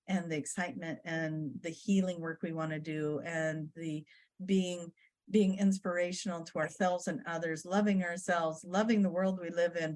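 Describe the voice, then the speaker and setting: A woman guest on a podcast, chatting casually and upbeat, promoting an event in a rambling way. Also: on the low side. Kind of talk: casual chat.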